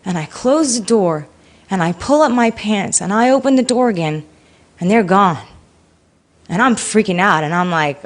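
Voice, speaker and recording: With a medium-pitched voice at normal speed, the woman gives an interview and frankly relives a hurtful personal experience. Her retelling is animated and full of emotion.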